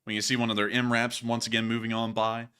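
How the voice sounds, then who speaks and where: A man's voice: mid-range voice, monotone, fast, bright, forceful tone, clean tone. A man casually commenting over war footage as host, joking and rambling and laughing at his own slips. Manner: jokey, rambling, laughs at himself.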